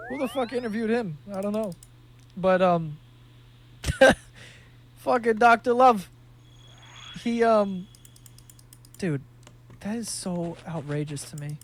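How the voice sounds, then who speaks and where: A man's voice: high-pitched, slight background noise. A young man from New York City chatting casually while he plays a game, telling stories with lots of swearing and laughter. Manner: profane, laughing, animated storytelling. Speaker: gaming streamer.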